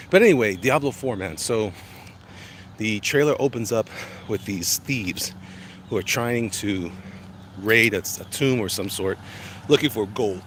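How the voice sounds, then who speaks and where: Low-voiced guy rambling on a walk, chesty, cars roaring past. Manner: rambling, chatty, easily sidetracked. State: chesty and congested, walking on sore legs. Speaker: vlogger. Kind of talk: casual walk-and-talk monologue. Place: outdoors, walking along urban streets. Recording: loud traffic noise outdoors. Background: passing cars and street ambience.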